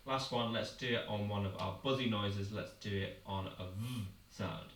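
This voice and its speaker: A man leads a vocal warm-up in a patient, encouraging way, his voice sitting a little low. He is recorded from some distance in a roomy space, with faint ambience behind him. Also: normal speed, a little hiss or hum. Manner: patient, encouraging instruction with demonstrations. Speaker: vocal coach. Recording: roomy, from far off the mic.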